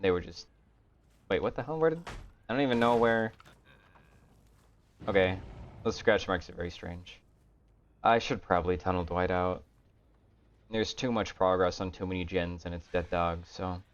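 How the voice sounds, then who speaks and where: A man streaming a game, talking to himself in a low-energy, grumbling way and swearing often. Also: moderate pace, long pauses. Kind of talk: casual gameplay commentary. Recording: dull lo-fi stream audio.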